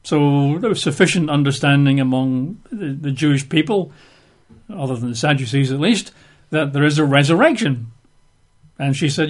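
A fairly high-pitched man teaches from scripture. He reads the passage aloud, then breaks off into relaxed, conversational asides to explain it. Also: normal speed. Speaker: preacher. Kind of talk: casual Bible teaching.

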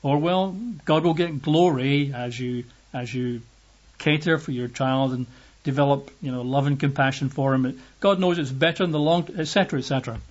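Husky-voiced man preaching conversationally. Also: medium pitch, moderate pace. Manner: conversational, emphatic preaching with asides. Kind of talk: sermon with scripture reading. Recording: dull lo-fi recording.

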